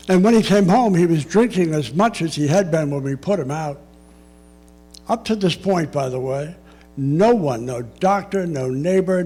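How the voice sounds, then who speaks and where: An older man giving a personal storytelling talk, measured and reflective, with dry asides. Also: fairly high pitch, dark tone, husky. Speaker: public speaker.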